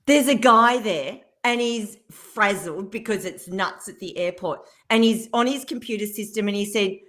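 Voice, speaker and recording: A woman, a radio guest telling a story in lively fashion, acting out what people said. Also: on the high side, moderate pace, few pauses. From Australia. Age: 50s. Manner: animated storyteller acting out quotes, laughing.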